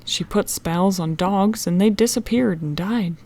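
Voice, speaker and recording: Lady reading as stern old-fashioned country woman, low intense voice, spooky warning. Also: unhurried, warm tone. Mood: ominous.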